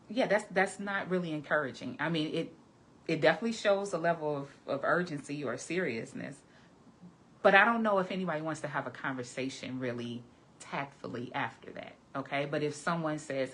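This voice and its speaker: A woman therapist speaks in a deep, low register. She coaches the listener directly and in earnest, with a relaxed, conversational flow. She often pauses to check in with "okay?". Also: a little hiss or hum. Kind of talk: conversational advice talk to camera.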